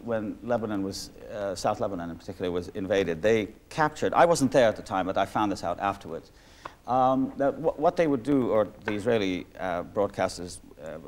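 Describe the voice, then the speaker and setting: Discursive man in a reflective interview. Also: lowish voice. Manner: discursive, many restarts and asides. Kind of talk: reflective conversational talk. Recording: 1986 archival talk recording.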